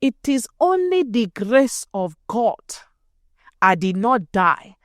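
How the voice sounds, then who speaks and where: A woman's voice: fairly high pitch, sing-song, slow pace, no room sound, clean studio sound, voice pushed up. A woman doing a Nigerian accent for a devout, solemn voice of gratitude. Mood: grateful. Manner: solemn, emphatic.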